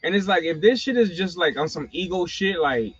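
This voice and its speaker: Middle-aged man ranting profanely, slightly high. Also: expressive, a little fast, fairly bright tone, breathy edge, no echo, soft background music. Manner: profane, exasperated ranting with slangy asides. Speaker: wrestling channel host. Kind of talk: casual live-stream rant. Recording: dull lo-fi sound.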